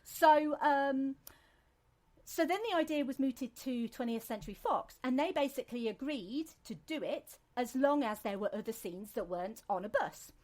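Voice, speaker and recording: A woman's voice: high voice, normal speed, a little mellow. A British woman hosting a podcast, chatting casually in a rambling way with many fillers and restarts. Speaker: podcast host. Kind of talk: casual chat.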